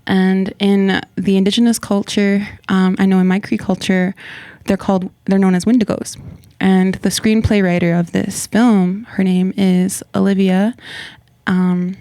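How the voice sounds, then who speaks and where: A woman's voice: medium pitch, flat delivery, unhurried, dark tone, smooth, no room sound. A young adult woman, a hip-hop artist and actor, rapping and half-singing her rhymes in a small radio studio, then chatting casually with laughs and restarts. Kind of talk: live rap performance and casual interview. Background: hip-hop beat under the rap.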